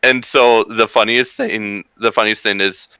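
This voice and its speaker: A man with a low, bright and crisp voice tells animated stories in a casual podcast chat. He is from the western US and drifts into mock accents as he goes. The sound is close and dry. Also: a little slow, no echo, rough recording. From western United States.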